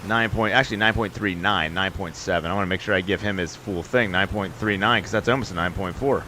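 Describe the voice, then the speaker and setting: This upbeat streamer talks quickly in a low-sitting, bright male voice, addressing chat directly while commentating on the game. There's slight background noise as he hosts the live stream, mixing chatty banter with play-by-play calls.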